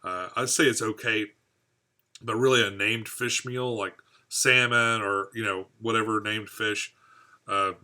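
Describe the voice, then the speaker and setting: Man from the US, fish-keeping live stream host, rambling casual chat, fairly low voice, very bright tone. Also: fairly even intonation, unhurried. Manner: rambling, chatty, answering viewer comments. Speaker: aquarium hobby channel host.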